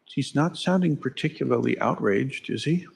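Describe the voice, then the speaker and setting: A man's voice: medium pitch, expressive, moderate pace, gravelly, slightly rough. A man giving a conversational dharma talk at a temple, wry and asking his listeners questions. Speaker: dharma teacher. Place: temple hall.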